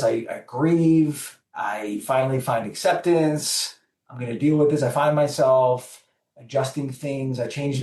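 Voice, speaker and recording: A man's voice: medium pitch, echoey room, far from the mic. A man telling a personal story as a podcast guest, acting out the voices of the people in it. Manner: animated storyteller acting out dialogue. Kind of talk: storytelling in an interview.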